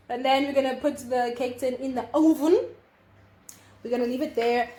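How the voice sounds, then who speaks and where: A woman's voice: high-pitched, steady tone, normal speed, mellow. A young woman chatting casually through her baking steps in a vlog, explaining as she goes with fillers and small laughs. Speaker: vlogger.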